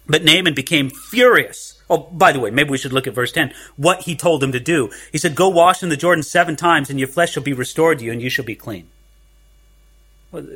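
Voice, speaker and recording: A man preaching from the scriptures in a high, bright voice. He asks his listeners rhetorical questions and acts out the figures in the story, moving between loud stretches and near-hushed ones. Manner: expository preaching, acts out the biblical figures' words. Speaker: pastor. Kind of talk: sermon.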